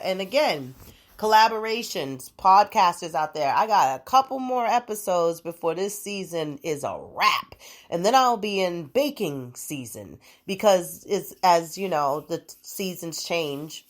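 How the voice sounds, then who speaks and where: A woman's voice: fairly low pitch, expressive, a little slow. A young adult woman hosting her own podcast, chatting casually in a rambling, profane way with frequent laughs. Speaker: podcast host. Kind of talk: casual solo podcast chat.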